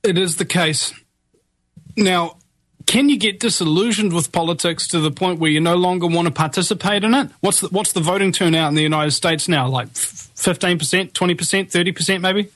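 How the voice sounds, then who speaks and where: A man's voice: high-pitched, fairly quick, fairly bright tone, dry recording. A man with a New Zealand accent, ranting heatedly about politics in casual chat and swearing freely.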